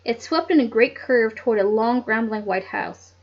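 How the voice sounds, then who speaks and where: Casting: a casual, giggly female reader with a fairly high voice and lo-fi home audio. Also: normal speed. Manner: giggly, chatty asides. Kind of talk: casual read-aloud with asides. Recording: dull lo-fi home recording.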